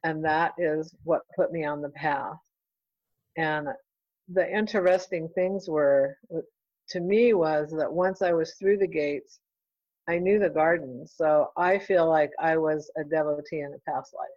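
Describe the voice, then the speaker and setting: A middle-aged woman, a real estate broker, talking in an earnest, heartfelt and halting way as an interview guest. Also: sits low, fairly even intonation, darkish tone, no room sound, dull audio. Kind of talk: casual interview chat.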